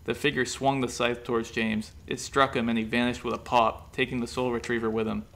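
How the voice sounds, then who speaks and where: A man reading a comic horror story aloud in a brisk, deadpan way. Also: medium pitch.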